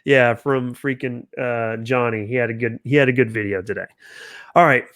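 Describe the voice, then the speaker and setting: A man's voice: medium pitch, fairly even intonation, moderate pace, fairly bright tone, dry recording. Chatty male livestream host, dry sound. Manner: casual, chatty, restarts sentences, reacts to comments. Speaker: channel host. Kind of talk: casual livestream chat reading viewer comments.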